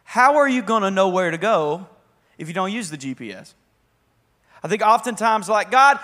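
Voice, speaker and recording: A young man preaching a sermon as a pastor, conversational and energetic with bursts of emphasis. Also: high-pitched, fairly quick.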